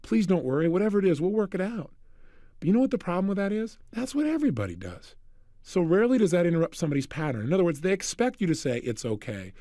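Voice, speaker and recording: Fast, animated motivational speaker man. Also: sits high, no room sound, clean studio sound. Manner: energetic, storytelling, acts out dialogue. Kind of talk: motivational talk with anecdotes.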